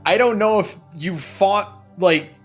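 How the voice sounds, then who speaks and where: A man in relaxed podcast chat whose voice sits bright and forward. He circles his points with fillers and restarts, building each thought aloud in halting pieces. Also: sits high, soft background music. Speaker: podcast co-host. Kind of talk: casual chat about video games.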